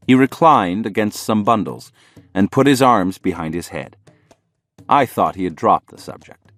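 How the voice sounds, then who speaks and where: A man narrating an audiobook in measured, storytelling fashion. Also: fairly low pitch, animated, dry recording, faint music behind.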